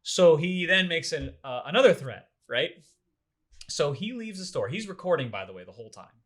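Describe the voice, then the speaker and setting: A man's voice: fairly high pitch, brisk, breathy edge. A man co-hosting a casual discussion podcast, animatedly retelling an incident and acting out the people in it. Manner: animated storyteller, acts out quoted people. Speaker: podcast co-host.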